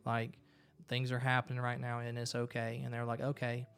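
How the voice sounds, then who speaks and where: A man's voice: medium pitch, completely flat delivery, moderate pace, gravelly, fairly bright tone, slight background noise. A man earnestly retelling a story in casual talk, with frequent restarts.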